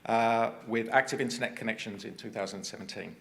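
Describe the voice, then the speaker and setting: Gravelly English man giving a talk. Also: fairly low pitch, a little fast. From England. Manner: chatty, self-deprecating asides. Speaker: conference speaker. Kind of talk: conference presentation.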